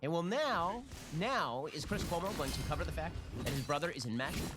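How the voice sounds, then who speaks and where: Man, sarcastic political commentator, fast talker, animated pitch, slightly high voice. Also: over loud music. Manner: sarcastic, mocking, rapid-fire delivery.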